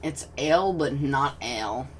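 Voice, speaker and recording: A woman giving casual, rambling gameplay commentary, often interrupting herself and dropping into soft mutters. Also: rumbling low, expressive, unhurried, recorded from a distance, slight background noise. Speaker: gaming commentator.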